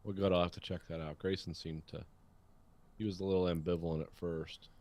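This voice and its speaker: A man co-hosting a podcast in casual chat, joking in a dry, deadpan way. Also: low voice, brisk. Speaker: podcast co-host.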